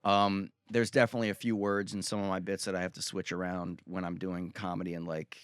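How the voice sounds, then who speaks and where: A man's voice: deep voice, flat delivery, fast, clear, resonant tone, dry recording, clean studio sound. A young adult man from Maryland, a comedian guest chatting loosely with lots of fillers and trailing sentences. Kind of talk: casual podcast chat.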